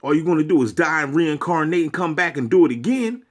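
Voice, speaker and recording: A man's voice: fairly high pitch, lively intonation, fast. A man delivering a preachy, profanity-laced rant to his viewers as a vlogger. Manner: preachy, swearing, lecturing.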